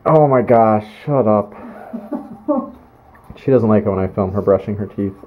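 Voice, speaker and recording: A woman filming a casual home vlog, chatty and quick to laugh as she talks to the camera. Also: rumbling low, phone-quality sound. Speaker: vlogger filming. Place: home, indoors.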